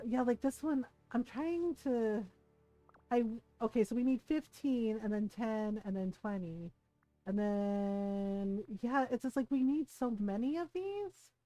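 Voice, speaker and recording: A woman's voice: on the high side, dark tone, rough recording. A woman from the United States, streaming a game while casually telling a family story, acting out quotes and laughing often.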